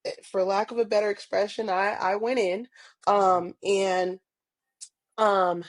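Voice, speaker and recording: A woman in a casual podcast interview, speaking slowly and deliberately. She is earnest and chatty, filling pauses with ums and breaking into light laughs as she tells her story. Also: medium pitch, level tone, no echo. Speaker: podcast guest, parent advocate.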